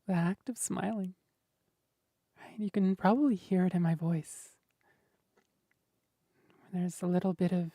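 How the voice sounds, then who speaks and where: A woman streamer in casual livestream chat, explaining voice technique in a gentle, thoughtful way and often checking in with "right?". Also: lowish voice, unhurried, long pauses, no room sound. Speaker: streamer host.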